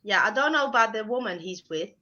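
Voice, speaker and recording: A woman co-hosting a casual reality TV review chat over a video call, talking emphatically and reacting quickly. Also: medium pitch, animated, pushed and bright. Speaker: co-host. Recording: dull lo-fi video call audio.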